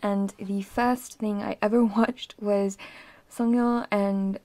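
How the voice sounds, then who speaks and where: A young woman filming an excited, rambling unboxing vlog, often dropping to an awed whisper. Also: mid-range voice, slow, slight background noise. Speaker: vlogger unboxing an album.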